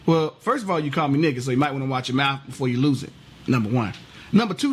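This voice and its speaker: Ranting about politics, this vlogger is heated and profane, piling on rhetorical questions. He's a man with a husky, high voice and a fairly bright tone.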